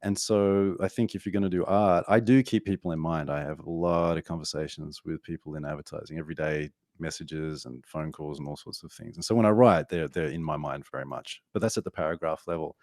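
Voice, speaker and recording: A man's voice: rumbling low, a little fast, few pauses, a little mellow, no room sound, studio quality. An Australian man in his forties, a podcast guest talking candidly and at length in a casual interview. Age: 40s. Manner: talkative, candid, tells stories with asides.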